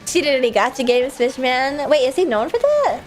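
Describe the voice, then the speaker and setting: A woman streamer chatting casually and rambling with lots of fillers, breaking into sudden loud outbursts while she plays a game. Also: high voice, big pitch swings, moderate pace, faint music behind. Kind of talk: casual live-stream chat while gaming.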